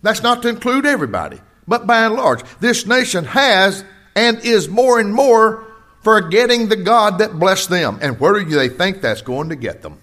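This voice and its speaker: Animated older man preaching a sermon. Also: high-pitched, normal speed. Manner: preaches with rising emphasis, drops quiet for personal stories. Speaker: pastor.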